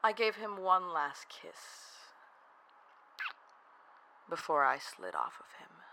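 A narrator telling a first-person erotic audio story in a soft, half-whispered, breathy delivery. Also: medium pitch, very animated, slow pace, a little hiss or hum, rough recording.

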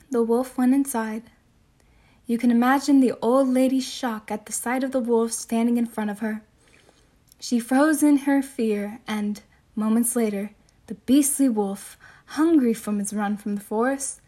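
A woman telling a classic fairy tale as a soothing bedtime story, with gentle, measured narration. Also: a little high, steady tone.

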